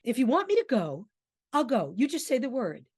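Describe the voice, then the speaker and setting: Woman reading a frightened old man tramp, ranting quick and loud, highish voice. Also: huge pitch swings, breathy edge, no room sound, studio quality, heavily acted. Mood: pleading. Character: old male drifter, bitter, scared, blustering.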